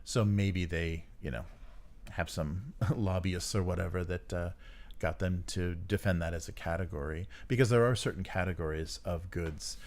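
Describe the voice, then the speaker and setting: A man with a notably deep, low-pitched voice chats casually as a podcast co-host. He rambles through his points, full of fillers and quick chuckles. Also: darkish tone. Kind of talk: casual chat about tabletop games.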